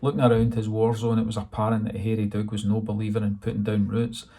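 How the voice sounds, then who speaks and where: A man narrates his own novel in a low, flat, gravelly voice. His tone is dark and husky, and he tells the story in a dry, steady way. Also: quick pace. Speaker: author reading his novel. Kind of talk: audiobook narration.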